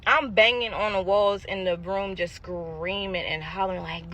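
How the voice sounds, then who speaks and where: Animated woman telling her story. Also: medium pitch, a little fast, hardly any pauses, a little hiss or hum, poor audio. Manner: animated and emphatic, acting out quotes, addressing listeners as y'all. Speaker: storyteller sharing a personal testimony. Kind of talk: casual storytime monologue.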